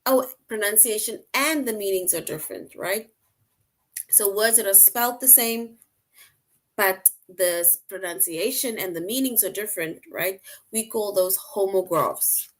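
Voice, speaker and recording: A woman teacher explaining a lesson slowly, repeating points and checking in with "right?" often. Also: mid-range voice. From outside the US. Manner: slow, repetitive explaining, frequent "right?" check-ins. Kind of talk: online class lesson.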